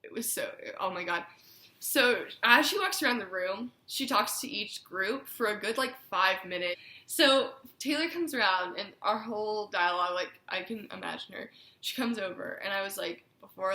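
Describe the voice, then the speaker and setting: A young woman chatting excitedly with a friend, gushing as she recounts a meet-and-greet. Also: mid-range voice, moderate pace. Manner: gushing, excitable, talks over her friend. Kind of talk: casual chat. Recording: echoey room.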